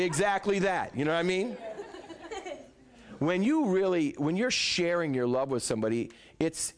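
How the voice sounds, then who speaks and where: Animated male preacher, higher voice. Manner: animated preaching, dropping to soft hushed prayer. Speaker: pastor. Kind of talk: sermon. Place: church.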